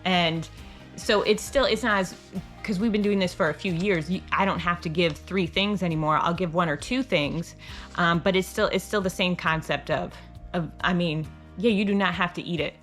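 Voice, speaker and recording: A woman's voice: on the low side, normal speed, fairly bright tone, faint music behind. Chatty woman host with rambling restarts. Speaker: homeschool channel host. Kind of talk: casual advice talk to camera.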